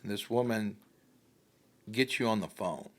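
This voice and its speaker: A man's voice: fairly low pitch, measured pace. A man hosting a podcast, chatting casually and chiming in with short prompts. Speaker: podcast host. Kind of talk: casual chat.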